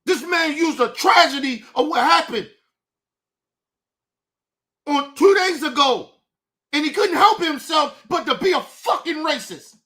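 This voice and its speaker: A male show host giving a heated, profane commentary rant, swinging from low muttering to shouting. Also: lively intonation, measured pace, pauses often.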